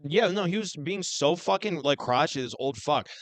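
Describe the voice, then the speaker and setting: Young man, podcast host, ranting, profane, fairly high pitch, dry close sound. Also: expressive, moderate pace, fairly bright tone, dry recording. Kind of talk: casual storytelling chat.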